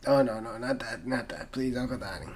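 A man co-hosting a comedy podcast, rambling through deadpan, absurd improvised jokes. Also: medium pitch, a little fast, slight background noise. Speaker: podcast co-host.

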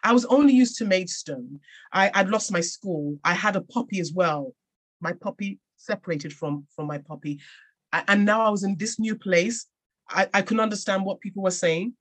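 A woman from England, an author guesting on a podcast, speaks at normal speed in a mid-range voice. She reflects earnestly on her own story and often restarts her sentences.

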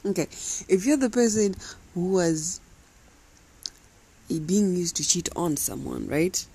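A woman's voice: on the low side, lively intonation, takes it slowly, creaky, dark tone, breathy edge, low-quality recording. A young woman hosting a podcast, ranting in a casual, emphatic way and swearing freely. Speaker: podcast host. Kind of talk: casual rant.

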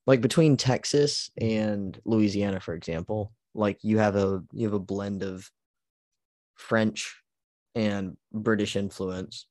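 A male podcast co-host with a lowish, slightly mellow voice speaks slowly in casual chat, laughing often and leaning heavily on "like." The recording is studio quality and echo-free.

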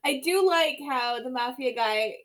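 A woman's voice: sits high, lively intonation, unhurried. A woman co-hosting a casual podcast chat, dropping wry joking asides. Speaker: podcast co-host. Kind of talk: casual chat about a TV show.

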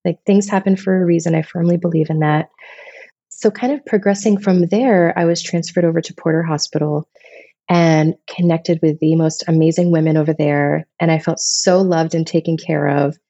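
Woman, thirties, lowish warm voice, emotional rambling story, dull lo-fi sound. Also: fairly even intonation, normal speed, dry recording. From Vermont, US. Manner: emotional, rambling, many restarts. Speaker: podcast guest, photographer. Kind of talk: casual personal storytelling.

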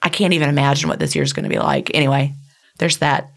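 A middle-aged woman with a low voice and a gravelly fry. She talks earnestly and at length in casual podcast chat, circling back over her thoughts. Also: sing-song, fast talker. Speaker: podcast co-host.

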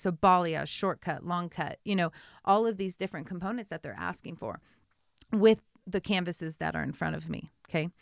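A woman hairstylist telling her story in a casual interview, animated and acting out what people said. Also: on the low side, gravelly, clean tone, dry recording, clean studio sound. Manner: animated, acts out quotes, laughs often. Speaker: guest, hairstylist.

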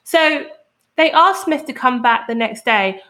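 A woman's voice: high voice, unhurried. Chatty woman telling a true crime story. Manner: animated, laughs often, swears casually. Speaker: true crime podcast host. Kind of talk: casual storytelling chat.

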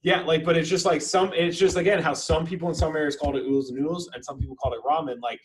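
A man's voice: fairly high pitch, fairly even intonation, racing, low-quality recording. Chatty man with lots of fillers. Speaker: podcast co-host. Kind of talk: casual chat.

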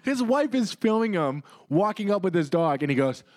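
A man's voice: high-pitched, big pitch swings, normal speed, darkish tone. A man, co-hosting a casual podcast and ranting indignantly with lots of swearing. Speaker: podcast co-host. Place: home podcast studio.

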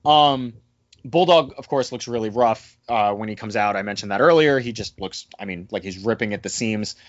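A man co-hosting a casual wrestling recap podcast, talking animatedly and slipping into excited impressions now and then. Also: fairly low pitch, moderate pace, no room sound, highs cut off. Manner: animated, breaks into excited mimicry. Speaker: podcast co-host.

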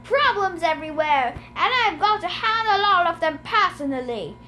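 A woman's voice: extremely high pitch, animated, normal speed, sharp tone, slight background noise, voice pushed up, heavily acted. A woman reading the lines of an indignant, grumbling male god of the dead.

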